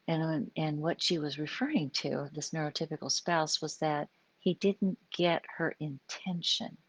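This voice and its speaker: A woman's voice: low voice, a little slow, slightly rough, no room sound. An older woman, a psychologist, talking informally in a live stream, explaining ideas and often checking in with "right?". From US Pacific Northwest. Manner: conversational, explaining with frequent "right?" check-ins.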